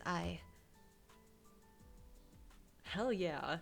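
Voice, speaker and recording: A woman's voice: lowish voice, expressive, unhurried, soft background music. A woman playing a visual novel, reading lines and narration aloud and giggling between them. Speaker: gaming streamer.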